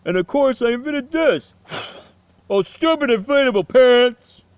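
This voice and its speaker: Guy doing a dopey slow cartoon starfish, swoopy voice, dull lo-fi sound. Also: very high voice, lively intonation, clean tone, no echo, voice pushed up. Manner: dopey, slow, sing-song. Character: dim-witted, goofy male starfish.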